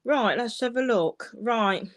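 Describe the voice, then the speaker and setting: She takes her time, her voice fairly high, as she hosts a live-streamed mediumship session. A medium giving readings, she speaks to callers in a warm, reassuring way, with endearments like "darling" and "my love."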